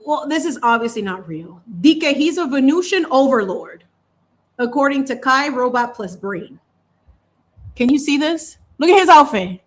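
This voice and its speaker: Woman host, fairly high voice, casual paint-and-chat, chatty and playful with slang. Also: expressive, moderate pace. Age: adult parent. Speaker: channel host.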